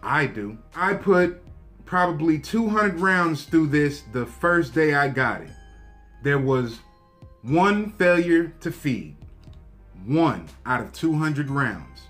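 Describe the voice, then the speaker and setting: A man casually reviewing a handgun, talking straight to his viewers in a relaxed, slangy way. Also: on the high side, slow, soft background music. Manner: laid-back, slangy, talks to viewers directly. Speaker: gun review vlogger. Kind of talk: casual show-and-tell review.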